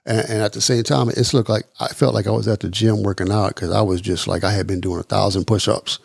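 A middle-aged man from the Midwest of the United States, telling his personal story as a podcast guest in an earnest, halting way, repeating words as he goes. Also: lowish voice, little pitch movement, creaky, breathy edge, no echo, clean studio sound. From East Chicago, Indiana. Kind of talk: personal testimony interview.

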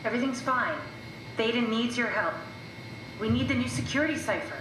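A woman's voice: expressive, brisk, natural voice. An actress voicing a woman scientist in a video game who speaks soothingly to a frightened man. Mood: coaxing. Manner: soothing, coaxing. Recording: echoey, distant game audio over rumble.

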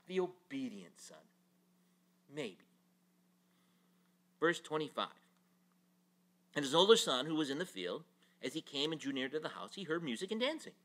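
A man teaching a Bible class, telling the story in an animated way with rhetorical questions. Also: on the high side, normal speed, long pauses.

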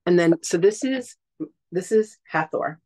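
A woman teaching a casual masterclass, telling stories in a chatty, animated way and acting out quotes. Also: fairly low pitch, unhurried, poor audio. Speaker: psychic teacher.

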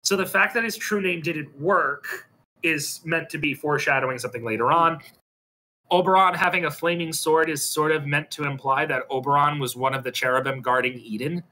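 Bright-voiced man retelling a story, halting. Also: fairly high pitch. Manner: hesitant, full of ums and restarts. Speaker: storyteller recapping a role-play episode. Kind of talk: casual retelling over voice chat. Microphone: computer mic on a voice call.

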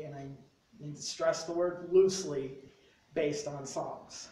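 A woman's voice: sits low, level tone, slow pace, warm tone, a little hiss or hum. A woman reciting spoken word poetry at a small live venue, with rhythmic, emphatic delivery. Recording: very echoey room, mic from far off.

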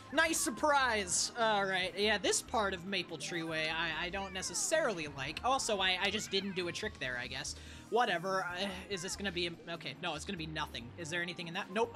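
A young woman streamer giving loud, profane, frustrated commentary while playing a racing game. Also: mid-range voice. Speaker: gaming streamer. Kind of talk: live gameplay commentary. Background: faint game music.

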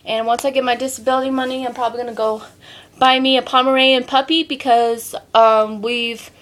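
A woman's voice: on the high side, level tone, fairly quick, a bit bright. A young woman chatting casually in a home vlog, rambling with lots of ums and a loose, sweary way of talking. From Colorado, USA. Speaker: vlogger.

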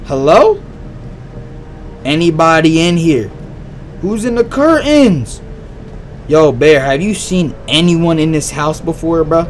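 A young man giving excitable, slang-heavy let's-play commentary on a horror game and reacting loudly to scares. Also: on the high side, a little slow, slight background noise. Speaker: gaming YouTuber.

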